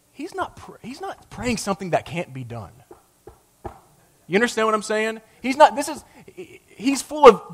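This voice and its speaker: Preaching with fervor, this pastor swings between forceful, loud climaxes and hushed, low passages, occasionally performing quoted lines in character.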